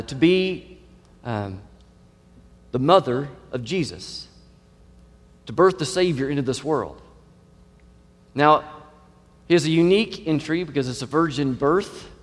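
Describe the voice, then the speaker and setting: Earnest preacher in a reverberant hall. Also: male voice, a little high. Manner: earnest, repeats phrases, builds emphasis. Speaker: pastor. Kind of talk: sermon. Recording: long reverb of a large hall.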